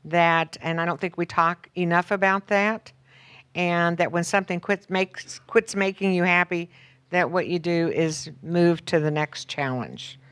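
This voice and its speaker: A chatty, low-voiced woman in her seventies. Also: a little slow, fairly bright tone, clear, resonant tone. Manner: chatty, upbeat, wry asides. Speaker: panelist. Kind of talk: answering on a panel.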